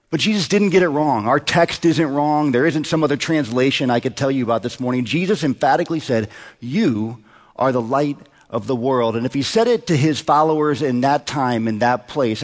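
A man in his thirties preaching a sermon in a conversational way, often asking the congregation rhetorical questions. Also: mid-range voice. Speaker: pastor. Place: church sanctuary. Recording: long hall reverb.

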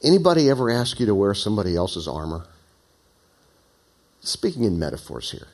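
A man's voice: lowish voice, big pitch swings, brisk, darkish tone. Male pastor, sermon, dramatic scripture reading mixed with casual asides. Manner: conversational, asides to the congregation; dramatic reading with raised emphasis.

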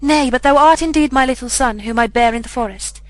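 A woman's voice: sits high, a little fast, lightly acted, rough recording. A woman reading the part of a ragged, grieving beggar mother who pleads in a tearful way. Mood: pleading.

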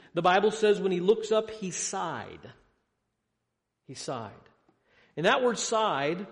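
Male preacher, high register, dramatic questions and hushed drops, in a room with a long echo. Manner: asks rhetorical questions, swings between loud emphasis and hushed lows. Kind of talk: sermon. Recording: long hall reverb.

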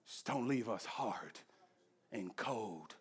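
A man preaching a sermon as pastor, speaking in rhythmic repeated phrases that rise to shouts and then drop to a soft, hushed prayer. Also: fairly low pitch, lively intonation, takes it slowly, slightly rough.

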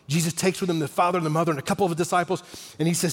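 A man in his forties preaching a sermon, an animated storyteller who sometimes drops almost to a whisper for emphasis. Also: high-pitched, fast, long reverb tail. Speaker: pastor.

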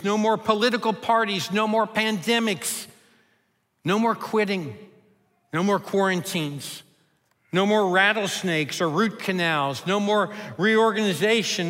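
Male pastor, sermon delivery, rhythmic list-building, high bright voice. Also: long reverb tail. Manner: rhythmic, building lists with shifting intensity.

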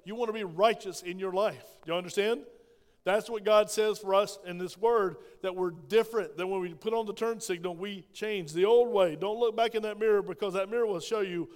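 A man's voice: sits high, a little fast. An older man preaching a sermon in a church, emphatic and asking the congregation questions. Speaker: pastor. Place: church sanctuary. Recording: echoey church hall reverb.

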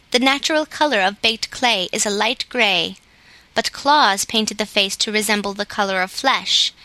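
A woman narrating a children's story in a steady storytelling manner. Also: on the high side, no room sound. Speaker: audiobook narrator. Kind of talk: scripted narration.

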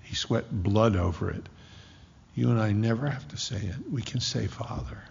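A man preaching a sermon with impassioned, slowly drawn-out emphasis. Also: fairly low pitch, lively intonation, creaky, a little mellow, slight background noise. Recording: dull lo-fi with long hall reverb.

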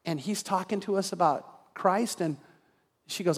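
A man's voice: sits high, a little slow, slightly rough. A man preaching a sermon as pastor, telling a story and building to an earnest call to prayer. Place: church sanctuary. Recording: reverberant church hall.

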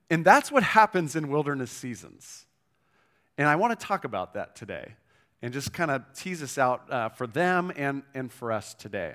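A pastor preaching a sermon in a conversational way, checking in with the listeners and reading scripture aloud with emphasis. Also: male voice, medium pitch, fairly bright tone. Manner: conversational preaching with frequent "right?" and "okay?" check-ins.

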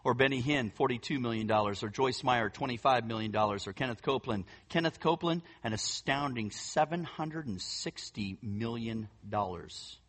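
A man's voice: medium pitch, moderate pace, hardly any pauses, fairly bright tone. A man preaching a sermon in an earnest, emphatic way, often repeating words for weight. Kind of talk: sermon teaching.

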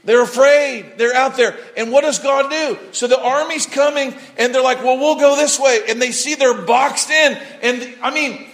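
High-voiced male preacher, animated storyteller, sermon. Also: normal speed, few pauses. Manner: animated storytelling, voices people, repeats words, shouts at peaks.

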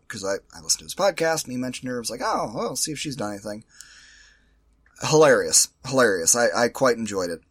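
A man's voice: mid-range voice, fairly bright tone, no room sound, studio quality. A man co-hosting a casual podcast, wry and opinionated, teasing his co-host while giving reviews. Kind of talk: casual chat.

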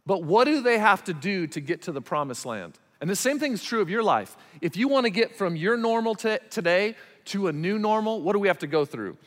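A man preaching a sermon as pastor, animated and emphatic, shifting between loud, urgent lines and quiet, slow ones. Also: high voice, long reverb tail.

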